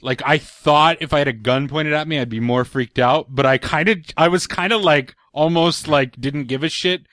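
A man's voice: a little high, moderate pace, no room sound, studio quality. A man on a casual podcast, telling a story with lots of laughter and putting on voices for the people in it. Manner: animated storyteller, laughs often, puts on voices for quotes.

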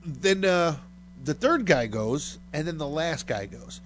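A man's voice: a little high, expressive, slow, a bit bright, a little hiss or hum. A man telling a long, crude story in casual chat, full of fillers and swearing. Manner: rambling and profane, heavy on fillers.

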